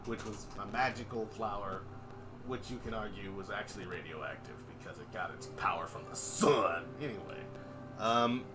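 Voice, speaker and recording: Over music playing in the background, a young man with a lowish voice chats casually on a live stream at normal speed. He jokes around, slipping into silly sung bits and mock voices.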